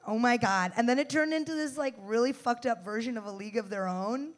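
A young American woman doing stand-up comedy, her voice sitting a bit high for a woman. She is brash and profane, swinging between loud outbursts and deadpan mock-tough asides. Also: fairly quick. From United States.

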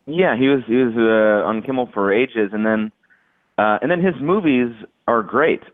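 A man's voice: mid-range voice, normal speed, no echo. A man chatting casually on a podcast, rambling with lots of restarts and "like"s. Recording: dry, tinny phone-like line.

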